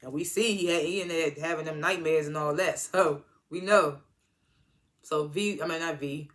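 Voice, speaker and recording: A man's voice: on the high side, moderate pace, a bit bright. A man giving a casual, rambling, slangy recap of a TV episode as a reviewer. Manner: rambling slangy retelling with acted-out quotes. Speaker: TV show reviewer.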